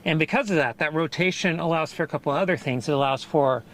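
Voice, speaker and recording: A man live-streaming a storm chase, out of breath, explaining weather in an excited, rambling way with quick laughs. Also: a little high. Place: in and around a car outdoors during a storm.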